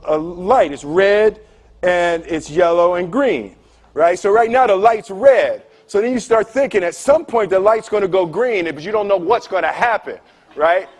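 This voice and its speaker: A man telling a story to a live audience, animated, acting out voices and laughing often. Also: high voice, normal speed. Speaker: speaker. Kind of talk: storytelling talk.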